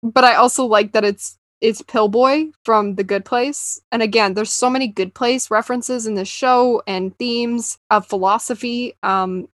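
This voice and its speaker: A woman's voice: fairly high pitch, fairly even intonation, unhurried, few pauses, no room sound, clean studio sound. A young woman chatting enthusiastically about a TV series, with lots of fillers. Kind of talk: casual chat about a TV series.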